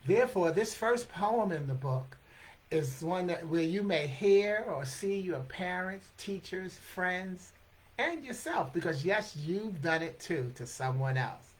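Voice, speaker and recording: Older poet in their 60s, motivational talk, mid-pitched, repeats lines for emphasis, laughs a lot. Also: expressive, unhurried. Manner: repetitive, emphatic, laughs often. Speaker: author and poet. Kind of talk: motivational talk with poetry reading.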